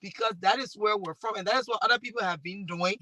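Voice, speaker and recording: A woman from Liberia with a Liberian accent, speaking as a panelist and talk show host who tells animated stories and acts out the dialogue. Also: medium pitch, fast, no echo. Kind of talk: panel discussion.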